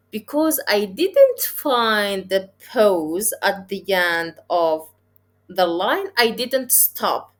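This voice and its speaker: A woman teaching poetry, explaining step by step in a deliberate way and checking in with "okay?". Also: mid-range voice, animated. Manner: deliberate, counts syllables aloud, frequent "okay?" checks. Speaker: literature teacher. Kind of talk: explaining poem analysis step by step.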